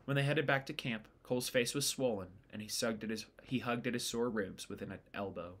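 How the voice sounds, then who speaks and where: A man reading a novel chapter aloud in a steady, unhurried storytelling way. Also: medium pitch. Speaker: audiobook reader.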